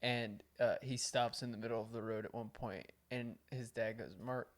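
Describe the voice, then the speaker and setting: A man's voice: medium pitch, steady tone, normal speed. A young man co-hosting a casual podcast, telling anecdotes and cracking dry jokes. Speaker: podcast co-host. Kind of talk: casual chat.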